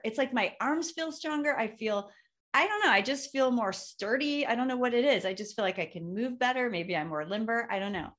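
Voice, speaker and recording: A woman's voice: on the high side, a bit bright. A woman co-hosting a podcast, talking in an enthusiastic, emphatic way and in a casual chat style. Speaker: podcast co-host; certified in plant-based nutrition.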